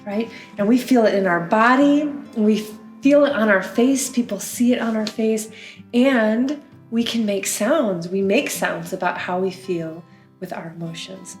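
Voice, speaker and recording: A woman from the United States teaches a songwriting lesson to young children, her voice sing-song and encouraging, breaking into playful little sounds. She sits at a mid pitch for a woman. The room is echoey, with faint music underneath.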